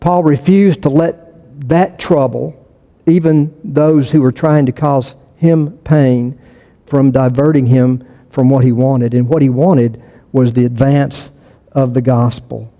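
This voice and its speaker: A man's voice: medium pitch, fairly even intonation, takes it slowly, warm tone, big-room sound. A man preaching a sermon as pastor, in a conversational way, restarting and repeating phrases for emphasis.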